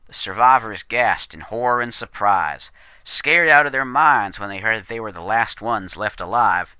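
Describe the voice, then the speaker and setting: A man narrating a western horror story in a steady, descriptive storytelling manner. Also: mid-range voice, moderate pace, smooth, no echo.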